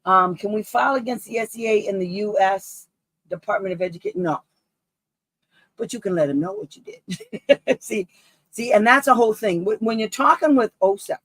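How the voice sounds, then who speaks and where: Woman, husky voice, dry close sound, blunt, emphatic, casual live talk. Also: mid-range voice, no room sound, low-quality recording. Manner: blunt, emphatic, laughs often. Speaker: special education advocate.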